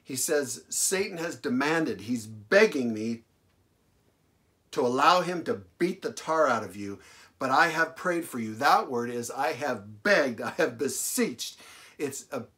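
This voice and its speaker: A male pastor delivering a sermon, repeating phrases for emphasis and swinging between loud declarations and hushed lines. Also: mid-range voice, lively intonation, unhurried. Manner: dramatic preaching, big swings from loud to hushed.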